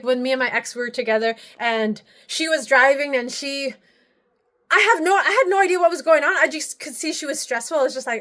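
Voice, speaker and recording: Brief: high-pitched woman, spiritual vlogger, rambly and profane, restarts mid-thought. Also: fairly bright tone. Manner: rambling, restarts often, swears casually. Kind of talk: casual spiritual check-in monologue.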